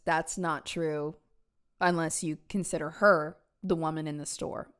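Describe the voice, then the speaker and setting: A woman's voice: on the low side, smooth. A woman hosting a true crime show, telling the story in an emphatic, conversational and opinionated way. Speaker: host.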